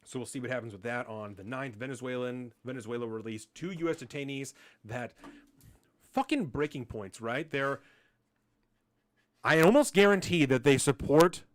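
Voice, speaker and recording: A man's voice: medium pitch, moderate pace, no room sound. A man co-hosting a casual political podcast, ranting heatedly with frequent swearing and mocking impressions. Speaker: podcast co-host.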